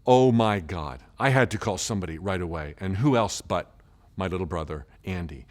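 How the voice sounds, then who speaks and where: A man telling stories in a self-help course, animated and enthusiastic. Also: low-pitched, moderate pace. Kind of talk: storytelling course talk.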